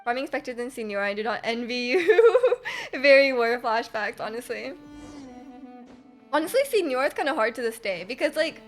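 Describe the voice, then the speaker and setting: Woman game streamer, rambling and giggly, slightly high, soft game music under her. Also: sing-song, moderate pace. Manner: rambling, giggly, lots of fillers. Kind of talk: casual chat while gaming.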